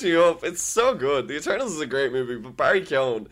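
A man's voice: on the high side, sing-song, quick pace, fairly bright tone. A young Irishman from co-hosting a podcast, chatting casually, laughing often and swearing freely. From Ireland. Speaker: podcast co-host. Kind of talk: casual chat.

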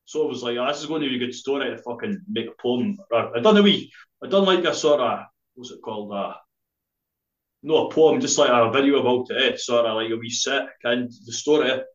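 A Scottish man from Dundee tells a rambling, sweary anecdote at an ordinary middle pitch, laughing now and then and ending lines with "eh?". His voice sits in a roomy space, and the audio is slightly dull. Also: fairly quick. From Scotland. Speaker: spoken word poet guest. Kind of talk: casual storytelling, sweary.

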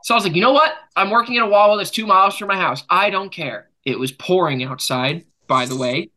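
A young man hosting a casual podcast, telling rambling jokey stories with sudden loud bursts. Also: sits high, fairly quick. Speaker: podcast host. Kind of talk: casual chat.

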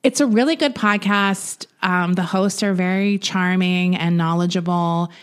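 A woman with a lowish voice chats casually on a podcast. She rambles through her recommendation with plenty of fillers and laughs easily. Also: a little slow, smooth. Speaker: podcast co-host. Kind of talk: casual chat.

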